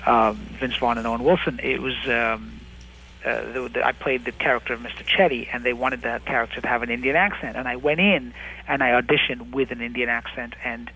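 Appearing as an interview guest, a male actor and writer in his thirties reflects thoughtfully, restarting sentences and hedging with fillers as he thinks. His medium-pitched voice is steady, brisk and sharp, on a poor recording with slight background noise.

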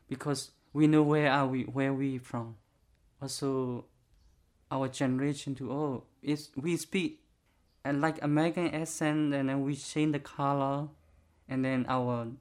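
A speaker gives an interview in a middle-pitched, ordinary voice. The talk is halting and full of restarts and repeated words. The tone stays plain and conversational throughout. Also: darkish tone. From Burma.

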